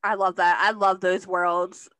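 A woman hosting a podcast, briskly steering the interview from one question to the next. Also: on the low side, level tone, fairly bright tone, dry recording. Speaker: podcast host. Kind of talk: interviewing a guest.

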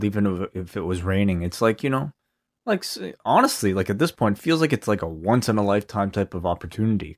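A man co-hosting a podcast in casual chat, rambling and hesitant, with lots of fillers and restarts. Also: fairly low pitch. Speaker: podcast co-host.

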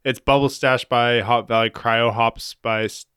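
A man's voice: medium pitch, steady tone, unhurried, bright, forceful tone, clear, resonant tone, dry recording, studio quality. A man co-hosting a podcast, teasing and swearing in casual banter into a microphone. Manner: profane, teasing. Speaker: podcast co-host.

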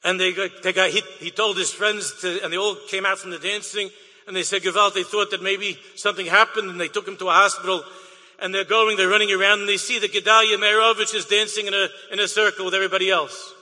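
A man telling an inspirational story with animated, sing-song emphasis and repeated phrases. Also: high voice, quick pace. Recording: long hall reverb.

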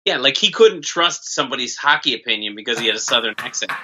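A man's voice: medium pitch, lively intonation, fast talker, bright, forceful tone, slight background noise, poor audio. A man co-hosting a comedy podcast, sardonic and crude in casual banter. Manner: crude, sardonic, doing mock voices. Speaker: podcast co-host.

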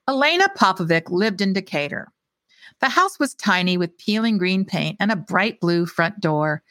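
A woman narrating a first-person mystery novel in a wry, steady storytelling manner. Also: medium pitch, moderate pace, no echo. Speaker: audiobook narrator.

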